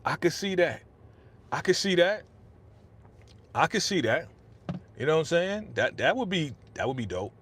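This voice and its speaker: A man's voice: on the high side, big pitch swings, normal speed, long pauses, a bit bright, slight background noise. A man hosting a casual live stream, talking in a chatty, slangy way and reading viewer comments aloud into a studio microphone. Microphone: podcast studio microphone.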